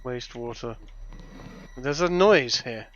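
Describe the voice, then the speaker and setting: A man's voice: mid-range voice, animated, slow pace, fairly bright tone, muffled recording, a little hiss or hum. A man chatting casually while he plays a game, giving joking, muttered commentary as he goes. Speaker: gamer playing on stream. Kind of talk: casual gaming chat.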